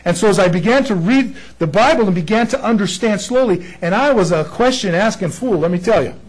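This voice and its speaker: A middle-aged man teaching the Bible in a sermon, excitable and eager, often pausing to check that listeners follow along. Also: high voice, rough recording.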